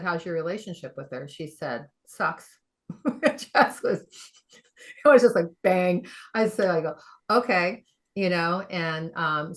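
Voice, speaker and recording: In a deep voice, the middle-aged woman, who practices functional medicine, tells an animated conversational story, acting out what people said and breaking into frequent laughter.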